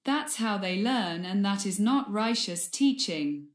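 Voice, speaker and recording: A woman voicing an upset headmistress of a wizard school in a fan audiobook, pleading and shrill. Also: animated, slow. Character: fearful woman headmistress who finally shrieks. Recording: roomy echo.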